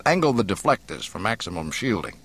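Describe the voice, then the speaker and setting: A man reading an audiobook voices a cocky young male starship pilot in a brash, quick-tongued way. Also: fairly low pitch, big pitch swings, gravelly, fairly bright tone, slight background noise, exaggerated voice.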